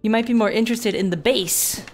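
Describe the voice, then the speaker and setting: A woman's voice: on the high side, a little fast, faint music behind, natural voice. A woman voicing an easygoing, generous male saber-tooth tiger guard in a retold story, with a casual, unbothered drawl. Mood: obliging.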